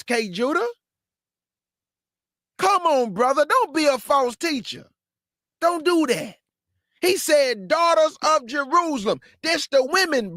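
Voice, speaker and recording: A scoffing male critic, put on by a man, who talks in a raised, very high voice and keeps insisting he is right. He scolds with rhetorical questions. The sound is close and dry. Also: bright, forceful tone, dry recording, full character voice. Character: scoffing adult male critic correcting the teacher.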